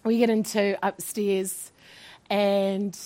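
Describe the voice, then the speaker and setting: A middle-aged woman giving a personal faith testimony as an interview guest, acting out each voice in her story and laughing often. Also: extremely slow. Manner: animated, acts out each voice in her story with big swings in pitch and loudness; laughs often while telling.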